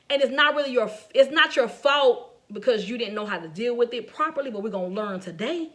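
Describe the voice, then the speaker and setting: A middle-aged woman giving a faith-based talk, telling personal stories in a conversational, animated way, often laughing and speaking straight to her listeners. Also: fairly high pitch, a little fast, hardly any pauses.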